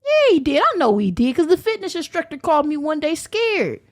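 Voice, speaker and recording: A young woman, a podcast guest, ranting in loud, brash, profane casual chat and laughing as she goes. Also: high-pitched, wildly swooping pitch, a little fast.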